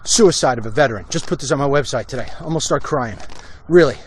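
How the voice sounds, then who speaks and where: A man's voice: medium pitch, fast, a little hiss or hum. A man doing a heated, blunt political commentary on a walk-and-talk livestream outdoors, talking into a handheld phone. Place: outdoors on a street. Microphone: phone held while walking.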